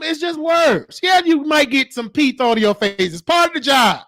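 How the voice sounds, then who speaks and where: A man hosting a show, telling stories in an animated way and acting out the voices of the people in them. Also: very high-pitched, moderate pace, few pauses, no room sound. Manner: animated, acts out quoted voices. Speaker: show host. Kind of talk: storytelling monologue.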